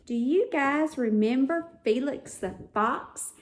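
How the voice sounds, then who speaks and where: High-pitched female preschool teacher, sing-song story-led phonics lesson, recorded in a roomy, echoing space. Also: expressive. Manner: storytelling, drawn-out letter sounds. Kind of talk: phonics lesson for young children. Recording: echoey room.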